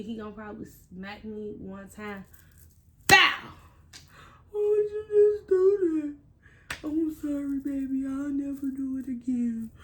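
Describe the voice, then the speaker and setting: A fairly high-pitched woman telling a story straight to the camera in an animated, emphatic way. She swears freely and drives her advice home with repetition. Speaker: vlogger giving relationship advice. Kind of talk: casual storytelling vlog.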